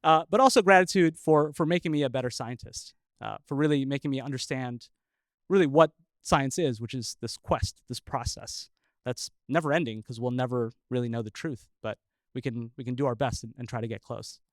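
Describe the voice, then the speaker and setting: Chuckling man telling a story, smooth voice. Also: medium pitch, a little fast, dry recording. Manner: chuckling, with frequent filler uhs. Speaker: storyteller, scientist. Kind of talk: live personal storytelling.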